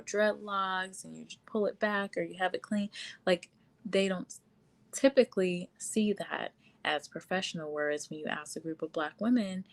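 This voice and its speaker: Chatty woman hosting a live stream. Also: fairly low pitch. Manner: chatty, reads viewer comments aloud; frequent fillers, laughs often. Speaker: livestream host. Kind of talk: casual live-stream talk.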